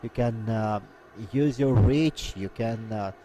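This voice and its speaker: A man commenting live on a combat sports event, with a halting delivery full of "uh" fillers. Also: mid-range voice, mellow, slight background noise, low-quality recording.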